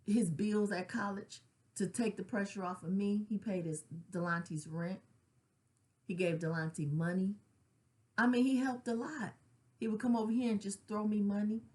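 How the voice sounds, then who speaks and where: Medium in pitch, with fairly even intonation and a measured pace, a middle-aged grief counselor reflects earnestly on her own loss. She speaks personally and conversationally, dropping casual slang and tag questions like "right?"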